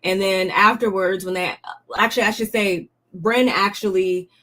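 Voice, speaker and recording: A young woman hosts a casual recap of a reality show. She talks bluntly and in slang, and she often sounds exasperated. Her pitch sits in the middle range for a woman. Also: fairly even intonation, moderate pace, bright, forceful tone. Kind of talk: casual commentary.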